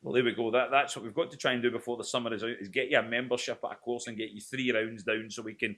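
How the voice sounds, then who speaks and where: A man's voice: mid-range voice, steady tone, very fast, fairly bright tone. A man interviewing a football player in a jokey, chatty, teasing way. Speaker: club media interviewer. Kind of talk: casual interview chat.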